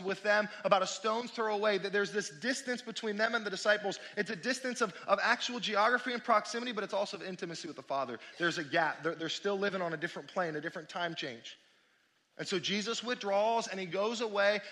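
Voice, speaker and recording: High, bright-voiced male pastor preaching. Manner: animated preaching, swings between loud exclamations and quiet asides. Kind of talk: sermon.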